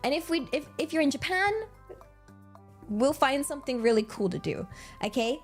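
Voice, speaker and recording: A bubbly young Englishwoman chats on her livestream with a bright, fairly high voice that swoops up and down. She talks in an excitable, giggly way. Soft music plays faintly behind her. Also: normal speed. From England. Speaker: streamer. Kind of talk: casual livestream chat.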